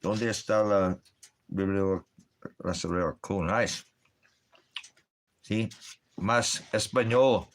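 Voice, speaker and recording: A man's voice: deep voice, fairly even intonation, slow, pauses often, a little hiss or hum. A man hosting a ministry stream from home, rambling in a casual monologue full of puns and rhyming wordplay. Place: at home with a dog and a fire.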